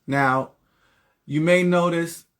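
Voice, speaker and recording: A man's voice: fairly high pitch, slow pace. Easygoing man explaining vocal production. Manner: loose, relaxed, talks in stops and restarts. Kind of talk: casual explanatory chat.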